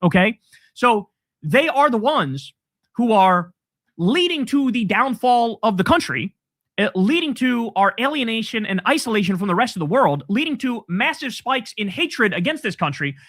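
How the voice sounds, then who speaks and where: Guy ranting about politics, swearing a lot, highish voice, dead dry sound. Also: animated, fairly quick, pushed and bright, no room sound. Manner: angry, profane, sarcastic ranting. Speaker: political commentator. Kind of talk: heated political commentary on a livestream.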